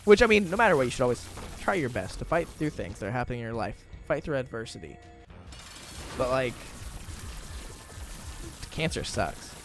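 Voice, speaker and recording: Young male gaming host; rambling casual commentary, very animated pitch. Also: normal speed, long pauses, music in the background. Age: 20s. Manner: rambling storytelling with many fillers. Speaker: gaming YouTuber. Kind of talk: casual let's-play commentary.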